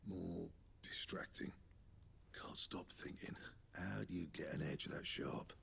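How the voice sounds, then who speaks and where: An actor playing a gruff male master blacksmith in a video game, talking in a low, half-whispered mutter with a gravelly voice. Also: measured pace, fairly bright tone, full character voice. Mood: wry.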